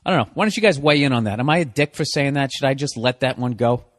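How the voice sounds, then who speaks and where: A man's voice: mid-range voice, expressive, fast, no room sound, clean studio sound. A man in his forties hosting a solo podcast, ranting with profane sarcasm. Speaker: podcast host.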